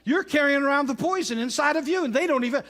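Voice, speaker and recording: A middle-aged man, a pastor, preaching a sermon by telling stories, with loud exclamations that drop to hushed intensity. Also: very high voice, fast talker.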